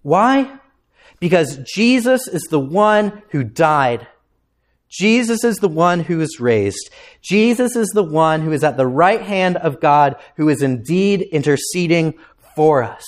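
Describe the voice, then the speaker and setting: A male pastor delivering a sermon in a fairly high voice. He speaks slowly and deliberately. His pitch swings widely, rising to impassioned peaks before sinking to a hushed close. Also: lively intonation. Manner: impassioned, climbing to emphatic peaks, then dropping low and quiet.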